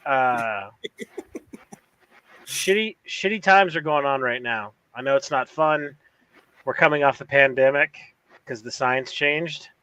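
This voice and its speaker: A man's voice: medium pitch, slow, pauses often, bright, forceful tone, dry recording, rough recording. Laid-back male podcast host, dry sound. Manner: laid-back, wraps up segments. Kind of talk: casual chat.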